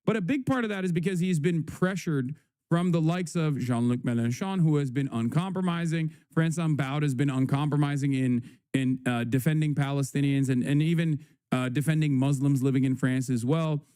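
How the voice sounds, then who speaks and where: Sarcastic male streamer, warm and dry. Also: on the high side, smooth, dry recording. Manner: rambling, sarcastic, crude, quick asides. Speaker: livestream host. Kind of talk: casual news commentary.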